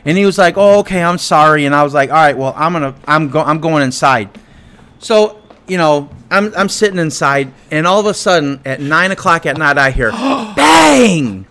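A man co-hosting a casual podcast, retelling a run-in with a neighbor in lively, profane quoted dialogue. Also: on the high side, a little fast, clean tone. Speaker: podcast co-host. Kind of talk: casual storytelling chat.

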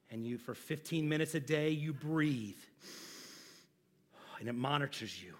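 A man in his forties preaching a sermon as pastor, talking straight to the congregation and prompting them to answer. He swings between loud, emphatic lines and quiet, low asides. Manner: addresses the congregation directly, prompting call and response.

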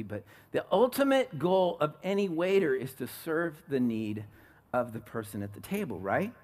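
A middle-aged man from California preaching a sermon as a pastor, telling stories and asking the congregation questions. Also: medium pitch.

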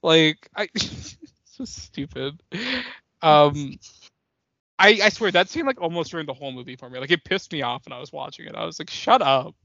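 A young man co-hosting a casual movie podcast, animated and rambling, swearing often and laughing a lot. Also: on the high side, moderate pace, creaky, no echo, dull audio. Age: young adult. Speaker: podcast co-host.

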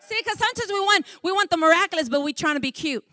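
High, fervent woman preaching. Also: fast, no room sound, some chatter behind. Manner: fervent preaching, swings from soft to shouting. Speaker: pastor. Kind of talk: sermon.

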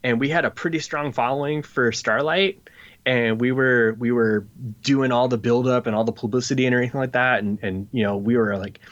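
A man's voice: mid-range voice, fairly even intonation, fairly quick. A man chatting casually on a podcast, telling a rambling story full of fillers and acting out other people's voices. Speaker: comic book creator. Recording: slightly dull lo-fi audio.

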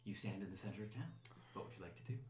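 A man narrating as game master, describing scenes in a halting, descriptive way with restarts. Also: sits low, a little mellow, reverberant.

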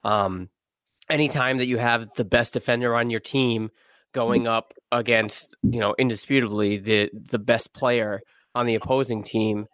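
Male guest analyst, mid pitch, dry close mic, measured and deadpan. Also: no echo. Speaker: guest podcast host. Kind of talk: sports analysis in podcast chat.

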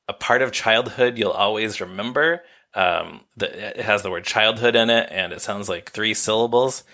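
A man co-hosting a podcast, chatting casually and briskly reading out listener mail. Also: fairly low pitch, bright, forceful tone. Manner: brisk, reads listener comments aloud. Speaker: podcast co-host.

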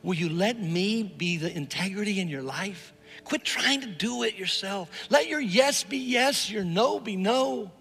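A man voicing a gentle male teacher who asks a friend probing questions again and again, with long reverb in a large hall and faint music. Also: sits high, expressive, a little slow, gravelly, slightly rough, exaggerated voice. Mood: earnest.

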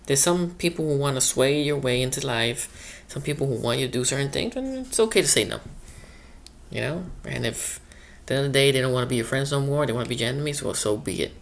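A man hosting a one-man comic monologue about the workplace, chatting casually and acting out coworkers in quick quoted bits. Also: medium pitch, expressive, vocal fry. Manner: chatty, acts out quoted coworkers, laughs at own stories. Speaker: one-man show host. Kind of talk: rambling comic monologue about work life.

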